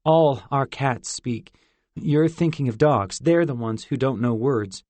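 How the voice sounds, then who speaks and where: A male narrator voicing a quick-witted boy who bluffs hastily to cover for a friend. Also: medium pitch, a little mellow, no echo, natural voice. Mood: bluffing. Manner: hasty, bluffing.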